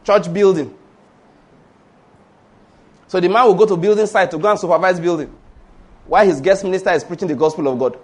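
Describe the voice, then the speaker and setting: A man preaching a storytelling sermon, swinging between hushed asides and loud exclamations. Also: high voice, a little fast, long pauses, breathy edge.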